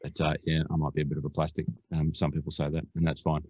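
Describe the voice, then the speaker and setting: A man's voice: very deep voice, level tone, quick pace, a little mellow, husky, dry recording, lo-fi sound. An Australian man hosting a podcast, chatting in a jokey, rambling way full of fillers. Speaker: podcast host. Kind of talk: casual podcast chat.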